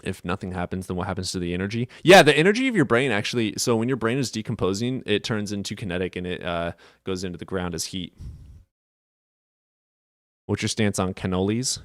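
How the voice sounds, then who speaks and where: A man streamer in casual livestream chat, reading and answering chat questions in a rapid, profane, offhand way. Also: fairly low pitch, animated, no room sound, clean studio sound.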